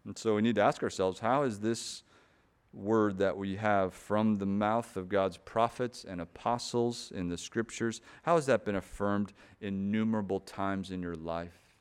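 Earnest preacher with a smooth, low voice. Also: male voice, measured pace. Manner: earnest, emphatic, rising in force on key points with repeated words. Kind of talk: sermon.

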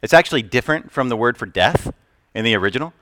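A man preaching a sermon to a congregation, swinging between loud declarations and hushed asides, telling stories with humor. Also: medium pitch, animated, fast, no room sound. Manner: storytelling with humor. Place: church.

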